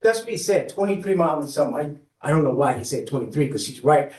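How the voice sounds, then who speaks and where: A man's voice: on the high side, sing-song, fast talker, a little mellow. Man rambling anxiously from across an echoey courtroom. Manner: rambling, anxious, keeps addressing the judge. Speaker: defendant. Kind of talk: courtroom testimony. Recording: echoey courtroom, far from the mic.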